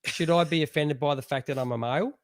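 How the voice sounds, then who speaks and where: An Australian man co-hosting a casual sports chat, blunt and halting, often repeating himself and saying "mate". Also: fairly high pitch, dry recording, clean studio sound. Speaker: podcast co-host.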